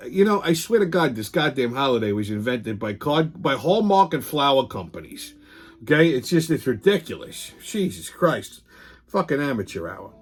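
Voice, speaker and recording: A man's voice: mid-range voice, big pitch swings, normal speed, husky. Swaggering, profane man on a rant. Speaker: host. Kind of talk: comedic rant.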